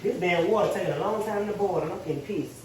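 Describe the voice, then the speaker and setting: A man's voice: sits high, quick pace, slight background noise. Joking, profane man in an echoey kitchen. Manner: loose, profane, joking, talks straight to viewers. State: stressed. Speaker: cooking vlogger. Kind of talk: casual cooking chat. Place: home kitchen. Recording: echoey room, mic at a distance.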